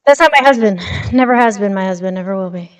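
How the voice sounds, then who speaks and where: A woman's voice: mid-range voice, fast. A blunt, chatty woman hosting a casual livestream, reading news aloud and replying to her chat. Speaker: livestream host. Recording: slightly distant with light reverb.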